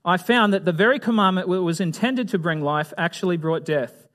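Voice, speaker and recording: A man's voice: high-pitched, fairly quick, a bit bright. A man teaching a Bible lesson in a chatty way, asking his listeners questions and acting out little scenes. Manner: chatty, asks the audience questions, acts out voices. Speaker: preacher.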